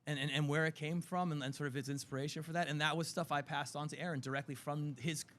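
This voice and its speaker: Man, middle-aged, comic writer guest, casual interview, animated, slightly high-pitched. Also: fast. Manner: animated storyteller, acts out quotes, laughs often. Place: convention floor TV set.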